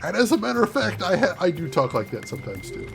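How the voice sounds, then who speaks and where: A man's voice: high voice, huge pitch swings, quick pace, vocal fry. A man from the Chicago area, a game streamer chatting casually with his live viewers and laughing often. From Chicago area, USA. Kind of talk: casual chat with live viewers while gaming. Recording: music playing under the voice.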